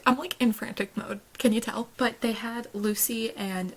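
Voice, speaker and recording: A young woman chatting casually in a reading vlog, excitable and gushing, fretting aloud and laughing often. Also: on the high side, moderate pace, hardly any pauses, breathy edge. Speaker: book vlogger.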